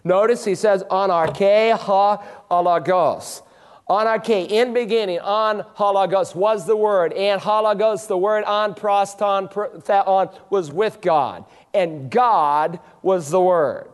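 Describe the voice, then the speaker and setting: Male pastor, higher-pitched voice, emphatic pulpit delivery, slows hard to stress key lines. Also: smooth. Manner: emphatic, preacherly cadence with sudden slow stresses. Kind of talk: sermon.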